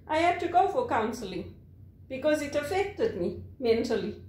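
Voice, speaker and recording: Woman, high voice, animated, laughs often, echoey room. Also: moderate pace. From Zimbabwe. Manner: animated, mimics angry callers, laughs often. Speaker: call center worker. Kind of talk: candid personal monologue.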